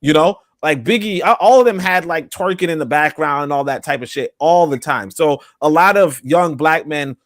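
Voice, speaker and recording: A man's voice: fairly high pitch, moderate pace, few pauses, no room sound, studio quality. A man hosting a livestream podcast, talking in a loose, rambling way with many fillers and asides. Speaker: podcast host. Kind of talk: casual livestream talk.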